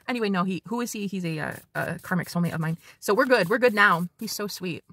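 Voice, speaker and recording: A woman tarot reader giving a casual spiritual reading, chatty and animated, swearing freely as she talks to her viewers. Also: medium pitch, a little fast, dry recording, studio quality.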